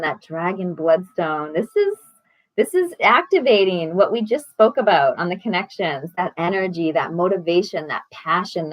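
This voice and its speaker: A woman's voice: on the low side, no room sound, low-quality recording. A woman hosting an online group prayer and meditation, talking casually in an effusive, affirming, encouraging way. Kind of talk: casual spiritual livestream talk.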